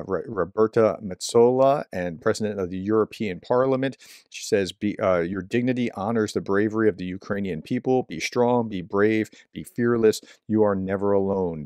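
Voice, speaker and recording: A man commenting on news clips, who breaks in with startled reactions and then reads statements aloud in a calm, steady voice. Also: fairly low pitch, no room sound, clean studio sound. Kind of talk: casual commentary.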